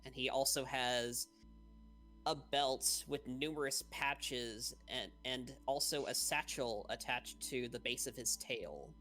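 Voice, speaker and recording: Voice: medium pitch, takes it slowly, a bit bright, soft background music. A game master narrating a tabletop game in a descriptive way with hesitant fillers.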